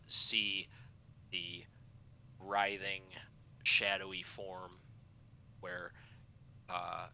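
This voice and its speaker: Low-voiced guy narrating a tabletop game, slow, halting with lots of uhs, bright edge to his voice. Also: gravelly, slight background noise. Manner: halting, many filler sounds. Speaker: game master.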